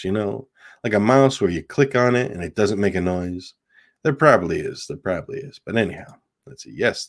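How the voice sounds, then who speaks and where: A man hosting a casual live stream, chatting in a rambling way and often addressing his viewers as folks. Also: sits low. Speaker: host.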